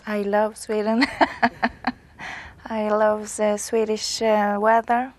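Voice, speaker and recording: A woman from France who speaks English with a French accent, a university French teacher answering short interview questions hesitantly, with many filler pauses. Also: mid-range voice, little pitch movement, a little mellow.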